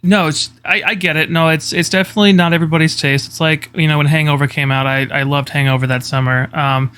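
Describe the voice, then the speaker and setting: Bright, clear-voiced man chatting casually. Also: fairly high pitch, fast. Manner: chatty, profane, quotes scenes with animated impressions. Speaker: podcast co-host. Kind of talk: casual chat.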